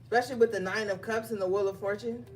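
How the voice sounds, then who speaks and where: A woman's voice: mid-range voice, steady tone, fast. A woman giving a casual, emphatic tarot reading, talking straight to her viewers. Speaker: tarot reader.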